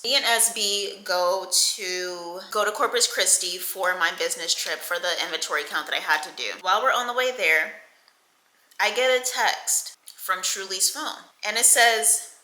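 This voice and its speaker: A young woman in her twenties tells a story straight to camera with a very bright, sharp voice. She is animated and chatty and swears freely. The sound has a roomy echo. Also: mid-range voice, normal speed. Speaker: storytime vlogger. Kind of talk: casual storytime.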